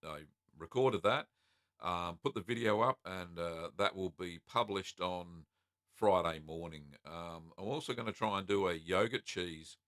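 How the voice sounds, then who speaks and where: A middle-aged Australian man from South Australia hosting a live cheese-making Q&A, reading out viewer comments in a relaxed, friendly way with many ums and uhs. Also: low voice, moderate pace, dry recording, clean studio sound. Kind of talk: casual live-stream chat reading comments.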